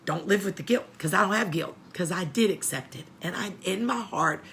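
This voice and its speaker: A woman's voice: lowish voice, moderate pace, a bit bright, a little hiss or hum. A middle-aged woman hosting a support show for families of prisoners, talking earnestly and getting choked up as she repeats her points. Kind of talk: heartfelt advice talk.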